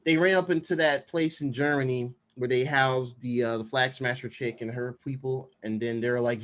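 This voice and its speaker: A man's voice: mid-range voice, fairly even intonation, fairly quick, few pauses, a bit bright. A man co-hosting a podcast, casually recapping a TV episode in a loose, rambling way with lots of slang and fillers. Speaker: podcast co-host. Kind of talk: casual chat.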